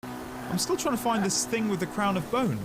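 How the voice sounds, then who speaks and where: A woman streaming a game live, excitable and laughing often as she talks to her chat. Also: mid-range voice, moderate pace, background noise. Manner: excitable, squealing and laughing a lot. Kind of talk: casual live-stream chat while playing. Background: music.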